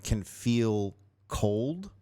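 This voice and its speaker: A man co-hosting a podcast, chatting casually and telling stories in an animated way into a studio microphone. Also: lowish voice, drawn-out words. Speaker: podcast co-host. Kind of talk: casual chat.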